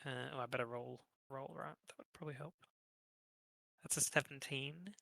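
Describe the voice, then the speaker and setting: A man's voice: mid-range voice, moderate pace, gravelly, sharp tone, no echo, poor audio. A man playing in a tabletop game, rambling with lots of fillers. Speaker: player.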